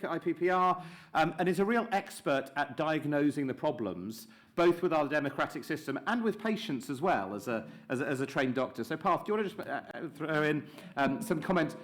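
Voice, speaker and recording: A man's voice: on the high side, a bit bright. Wry man chairing a panel. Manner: wry, lightly joking.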